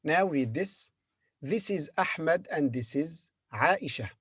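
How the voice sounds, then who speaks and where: Slow patient teacher, man. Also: a little high, lively intonation, a bit bright, slightly rough, no room sound, clean studio sound. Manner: patient, repeats words slowly with hesitant fillers. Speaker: Arabic teacher. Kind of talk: slow spoken language lesson.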